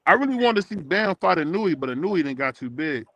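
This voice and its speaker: Lively teasing man in a dry room. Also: on the high side, a little fast, dry recording, muffled recording. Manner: teasing, laughing banter. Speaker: podcast co-host. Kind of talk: casual boxing chat.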